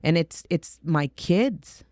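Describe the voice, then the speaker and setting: Podcast guest, woman, middle-aged, from Canada; candid, animated storyteller, dry close sound. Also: deep voice, takes it slowly, no room sound. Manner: emphatic, animated, drops to a hushed voice for intense moments.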